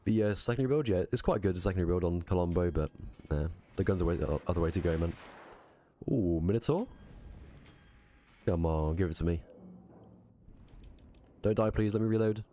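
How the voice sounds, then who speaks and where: A man streaming a naval battle game live, muttering quick reactive commentary to himself with a strained voice. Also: deep voice, mellow, a little hiss or hum.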